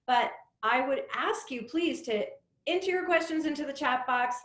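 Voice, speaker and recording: Woman webinar host, slightly high voice, chatty and upbeat, echoey room sound. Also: animated, normal speed, a bit bright. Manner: chatty, upbeat, many "um" fillers. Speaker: head of community, webinar host.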